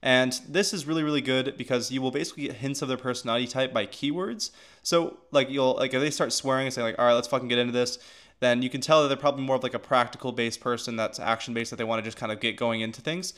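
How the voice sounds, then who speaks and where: Male coach, casual teaching tone, loose and chatty, lots of fillers, mid pitch. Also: fairly even intonation, quick pace, fairly bright tone. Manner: loose and chatty, heavy filler words and restarts. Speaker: agency coach. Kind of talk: casual teaching of sales calls.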